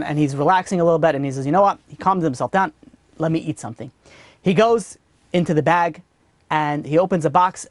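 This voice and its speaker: A man, teaching a Torah class and telling stories with lively swings between loud and hushed delivery. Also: high voice, no room sound. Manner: animated storyteller, drops to a murmur for story asides. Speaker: rabbi teaching a weekly class.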